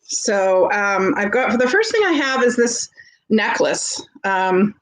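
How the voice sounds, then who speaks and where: A woman's voice: medium pitch, sing-song, slow pace, low-quality recording. Chatty Canadian woman hosting a sale. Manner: chatty and gushing, greets viewers by name. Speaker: host of a live vintage sale. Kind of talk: casual live-stream selling.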